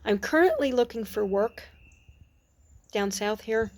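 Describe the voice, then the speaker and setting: A woman's voice: a little high, animated. Earnest middle-aged woman on a porch. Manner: earnest and reflective, with pauses and restarts. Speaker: Christian vlogger. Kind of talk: personal faith vlog. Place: outdoors on a porch. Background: birds and dogs outside.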